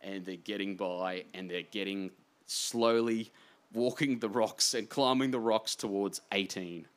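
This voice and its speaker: A man with an Australian accent, an author telling heartfelt stories in an earnest, rambling way that swings between hushed and animated. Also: fairly low pitch, a little slow, clear, resonant tone. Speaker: author guest. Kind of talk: emotional anecdotal storytelling.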